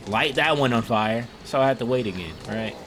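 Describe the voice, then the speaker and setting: A man's voice: medium pitch, lively intonation, fairly quick, a bit bright, a little hiss or hum. A young man giving casual, profane, self-mocking commentary over his gameplay.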